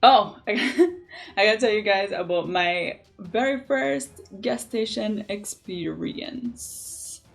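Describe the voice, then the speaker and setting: A Jamaican woman, originally from Jamaica, chatting casually to her viewers as a beauty vlogger, telling stories in an animated, emphatic way and saying "like" often. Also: medium pitch, takes it slowly, gravelly, faint music behind.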